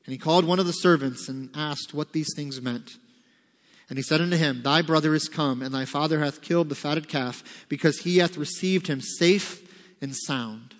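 A male pastor gives a casual, conversational sermon in a church sanctuary. His voice sits a little high and trails off into a long reverb. He reads old scripture aloud and slips into short acted voices to make his point. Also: normal speed. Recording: long reverb of a large hall.

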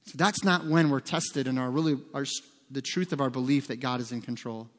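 A man's voice: medium pitch, fairly even intonation, a little fast, a bit bright. Man preaching in a reverberant church. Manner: conversational preaching with joking asides. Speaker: pastor. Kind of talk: sermon. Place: church sanctuary. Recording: long reverb of a large hall.

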